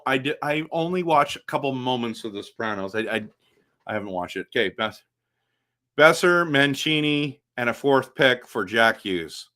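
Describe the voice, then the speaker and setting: A man hosting a casual live stream, reading chat comments aloud and answering them in an animated, chatty way with frequent restarts. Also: medium pitch. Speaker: livestream host reading chat.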